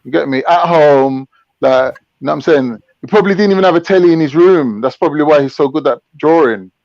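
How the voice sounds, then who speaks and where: A man's voice: fairly high pitch, fast talker, a little mellow, no echo. A man hosting a casual chat, ranting and mocking in crude slang. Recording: dull, dry lo-fi mic.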